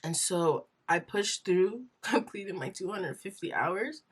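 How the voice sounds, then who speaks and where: A woman's voice: medium pitch, animated, slow pace, breathy edge. A young woman vlogger telling her personal story in an earnest, rambling way, full of fillers and close to tears.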